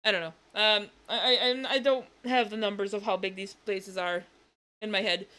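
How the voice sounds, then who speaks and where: A woman's voice: medium pitch, steady tone, moderate pace, sharp tone. A woman streamer chatting casually while reacting to a video, laughing often and swearing.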